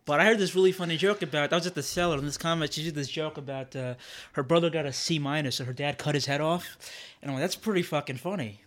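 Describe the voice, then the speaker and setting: A man's voice: a little high, fairly bright tone. A man co-hosting a comedy podcast, talking casually, jumping in and guessing ahead. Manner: fast, jumpy, interrupts and guesses ahead. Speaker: podcast co-host.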